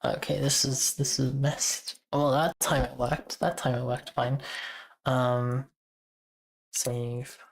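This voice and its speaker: A woman with a strikingly low voice chats with her stream while she codes, in an unhurried, drawn-out way. She thinks out loud, trails off and starts over, and chuckles now and then. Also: flat delivery, vocal fry. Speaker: streamer and software developer. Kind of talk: casual live-coding stream chat.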